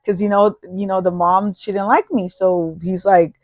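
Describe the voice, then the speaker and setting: Brief: casual podcast host, profane and rambling, mid pitch, dry close audio. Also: steady tone, moderate pace, a little mellow, dry recording. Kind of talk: casual storytelling.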